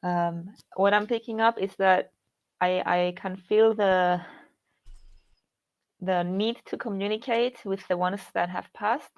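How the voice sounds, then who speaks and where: A woman shares impressions as a guest on a live spiritual reading. She speaks hesitantly and softly, with frequent pauses and fillers. Her pitch sits in an ordinary middle range for a woman. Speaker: guest medium.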